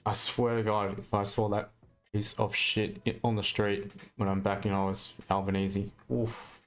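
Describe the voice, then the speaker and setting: A man's voice: on the low side, flat delivery, moderate pace, soft background music. A man with an Australian accent, chatting casually and bluntly on a live trading stream, ranting with mild swearing.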